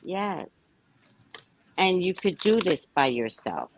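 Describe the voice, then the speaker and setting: Woman tarot co-host, low gravelly voice, very animated delivery, dry close sound. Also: slow, heavy background noise. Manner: animated, expressive storyteller. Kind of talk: casual live-stream chat and tarot reading.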